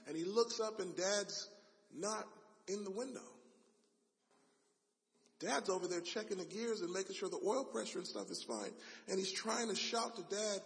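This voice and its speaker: A man preaching a sermon as a dramatic story, swinging from loud passages to hushed ones. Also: high-pitched, expressive, normal speed. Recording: long hall reverb.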